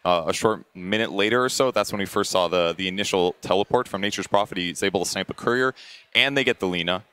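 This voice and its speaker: A man with a low voice talks fast and clearly as he breaks down an esports match. He goes through each play in order, explaining what went wrong. His words come out crisp and methodical. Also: a bit bright. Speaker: esports analyst. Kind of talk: game analysis commentary.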